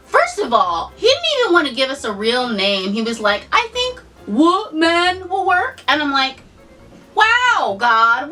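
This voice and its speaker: Young woman vlogger, high bright voice, sarcastic and sweary, mic a bit distant. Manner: animated, sarcastic, swears, lots of "like". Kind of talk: casual chat to camera.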